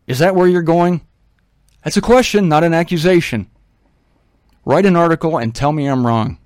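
A man's voice: fairly high pitch, moderate pace, darkish tone, no echo. A man with a slightly raised voice teaches the Bible over the radio. He pleads and presses his points earnestly, sometimes repeating words. The sound is dry and close, with no room around it.

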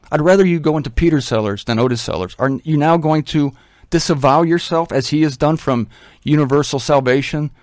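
A man's voice: medium pitch, a little mellow, no echo, studio quality. A man giving a radio Bible teaching in an earnest, emphatic, pleading manner, at times repeating words.

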